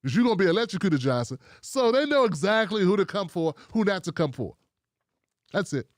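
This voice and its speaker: A man's voice: sits high, big pitch swings, fairly quick, no echo, clean studio sound. A man hosting a commentary show, talking casually and mockingly and repeating himself for effect.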